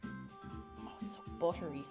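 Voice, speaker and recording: A woman's voice: a bass voice, wildly swooping pitch, a little slow. A young woman chatting casually on a live stream, reading chat aloud and talking with her mouth full. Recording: faint music behind.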